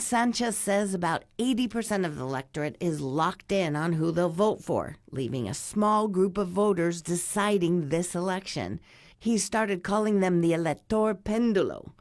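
A woman correspondent reads a news report with a lower-pitched voice. She speaks in a measured, clear way, in a steady reporting tone. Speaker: foreign correspondent.

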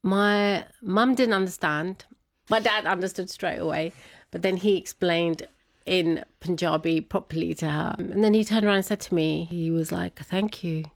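A woman telling a personal story as an interview guest, laughing often and animated when quoting others. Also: fairly low pitch, moderate pace, gravelly, dry recording, studio quality.

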